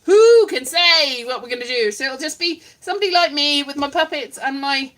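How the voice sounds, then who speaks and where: A woman's voice: sits high, expressive, normal speed, a bit bright. A woman at home giving a rambling, giggly comic monologue with puppets, often mocking herself. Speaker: comedian doing a solo online show.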